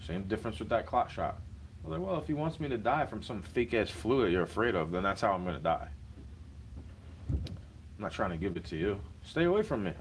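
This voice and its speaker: A man's voice: fairly low pitch, slight background noise, low-quality recording. A young man ranting in a casual vlog, slangy and heated, repeating himself as he vents.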